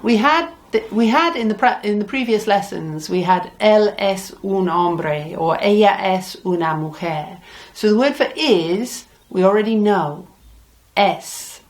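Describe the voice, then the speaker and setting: A woman's voice: medium pitch, lively intonation, a little slow. A middle-aged woman teaching a language lesson, patiently repeating words for learners. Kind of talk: slow, deliberate Spanish lesson.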